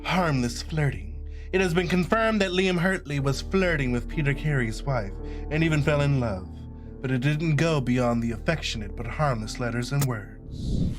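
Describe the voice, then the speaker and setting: A gaming streamer giving casual, sassy let's-play commentary with laughing asides, reading game text aloud. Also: male voice, mid-range voice, lively intonation, moderate pace, music in the background.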